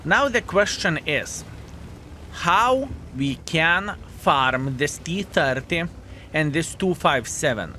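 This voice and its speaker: A man commentating his own video game match to viewers, animated and self-mocking, calling them fellas, with slightly non-standard English phrasing. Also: a little high, slow, a little hiss or hum. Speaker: video game player and channel host. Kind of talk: live gameplay commentary.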